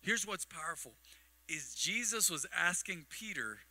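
A pastor preaching to his congregation, his voice a touch high and very bright and forceful. He spins long personal anecdotes, slipping into the voices of the people in them and tossing off asides. The sound is dry and close. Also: sing-song, measured pace, dry recording, poor audio. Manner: storytelling with acted-out dialogue and asides. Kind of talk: sermon. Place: church sanctuary. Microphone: microphone on a livestream.

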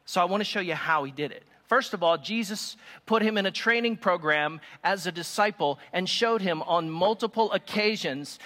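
A man delivers an animated sermon with emphatic storytelling, his voice high-pitched and bright. He speaks to listeners in a room, and long reverb trails after his lines. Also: normal speed. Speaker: preacher.

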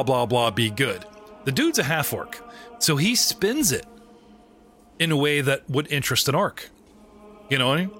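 Bright-voiced, joking game master. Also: male voice, medium pitch. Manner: animated, joking, often laughing. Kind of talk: narrating a tabletop game.

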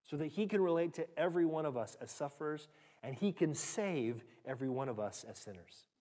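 A man preaching a sermon as pastor, rising loud and high when reading scripture and dropping soft and low when he applies it. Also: animated, a little fast. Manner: dynamic preaching, pitch and volume rising sharply when reading scripture aloud.

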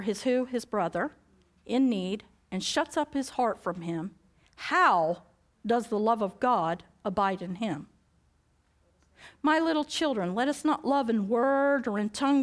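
High-voiced woman preaching animatedly. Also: a little slow. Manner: animated storytelling, acting out dialogue, laughing often. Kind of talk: sermon with personal story.

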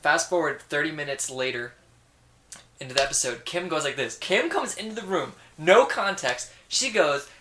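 A man's voice: on the high side, normal speed, slight background noise. Ranting man retelling a reality show. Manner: ranting, profane, animated storytelling. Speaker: podcast co-host. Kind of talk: casual chat.

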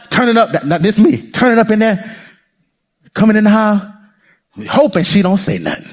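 His voice sits high, and he moves at a moderate pace with long pauses. The man is a pastor giving an animated sermon, calling to the congregation and acting out voices.

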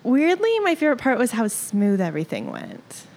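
A woman's voice: a little high, huge pitch swings, creaky, darkish tone. Chatty young woman guest. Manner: chatty, easygoing, quick to laugh. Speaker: guest, newlywed bride. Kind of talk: casual interview chat.

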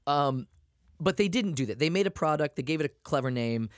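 A man's voice: fairly high pitch, a little fast, no echo. Guy ranting and telling stories on a podcast, swears a lot, voice bounces all over, dry close sound. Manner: profane, animated storyteller. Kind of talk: casual chat.

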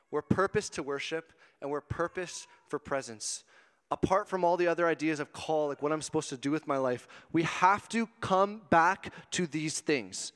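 A man preaching a sermon as a youth pastor, animated and joking, swinging between loud exclamations and hushed asides. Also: on the high side, moderate pace, smooth. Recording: long reverb of a hall.

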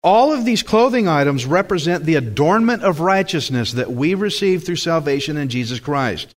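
A man's voice: on the high side, expressive, normal speed. A man preaching a sermon with emphatic delivery, putting questions to the congregation.

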